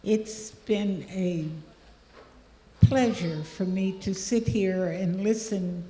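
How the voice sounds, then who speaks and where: An older woman speaks very slowly and deliberately as an honored guest, gracious in tone. Her voice carries through a roomy hall with a long, lingering reverb. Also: mid-range voice, dark tone, a little hiss or hum. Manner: very slow, deliberate, gracious delivery. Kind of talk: formal ceremony speech. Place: large hall.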